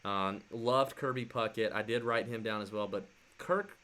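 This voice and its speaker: A man co-hosting a casual sports podcast, telling animated stories with lots of fillers and restarts. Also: fairly low pitch, normal speed. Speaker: podcast co-host.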